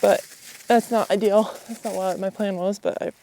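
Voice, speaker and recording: A woman's voice: mid-range voice, fairly even intonation, normal speed, a little hiss or hum. Chatty woman soothing a horse outdoors. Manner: soothing, chatty, often laughing, talks gently to the horse. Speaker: horse owner and vlogger. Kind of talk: casual vlog narration while tending a horse. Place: outdoors at a horse pen, windy.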